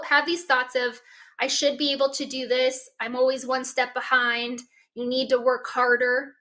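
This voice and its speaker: A woman's voice: high-pitched, bright, forceful tone. A woman giving a motivational workshop talk, coaching listeners through breathing and self-talk exercises. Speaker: workshop presenter.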